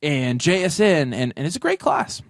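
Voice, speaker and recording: A man co-hosting a casual talk show, giving emphatic, rapid advice. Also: fairly high pitch, very animated, gravelly, no room sound, studio quality. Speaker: podcast co-host. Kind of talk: casual chat.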